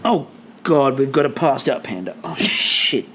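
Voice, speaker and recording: A man co-hosting a podcast, recapping in casual chat as a lively storyteller who swears and acts out quotes. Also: medium pitch, unhurried, noisy background. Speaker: podcast co-host.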